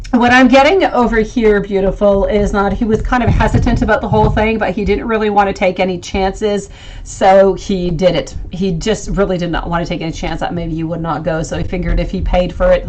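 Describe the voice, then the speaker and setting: A woman's voice: medium pitch, noisy background. A woman hosting a live tarot reading stream, talking to viewers and calling them sweetie as she reads the cards. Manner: affectionate, calls viewers sweetie, thinks aloud. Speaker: tarot reader, livestream host.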